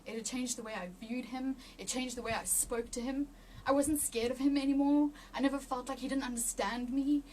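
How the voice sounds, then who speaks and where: A woman giving an emotional personal testimony in an interview, halting with many restarts and near tears. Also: sits high, steady tone, darkish tone, distant mic, a little hiss or hum. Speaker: interview guest.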